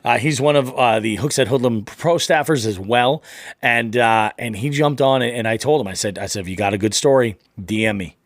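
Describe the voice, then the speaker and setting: A man's voice: medium pitch, fairly quick, no room sound. Male podcast host, casual, loose and filler-heavy, dry close mic. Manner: laid-back, filler-heavy, swears casually. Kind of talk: casual chat.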